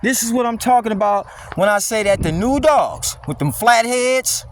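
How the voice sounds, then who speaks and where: A man's voice: very high-pitched, normal speed. A man filming a casual vlog on a windy wooded walk with his dog, talking in a blunt, mocking, slangy rant. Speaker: dog vlogger. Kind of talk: casual walking vlog monologue.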